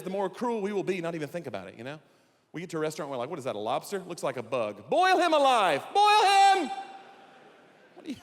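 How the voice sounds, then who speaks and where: A man's voice: a little high, in a large hall. A man in his forties doing stand-up comedy, acting out quoted voices as he talks. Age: 40s. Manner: animated, acts out quoted voices.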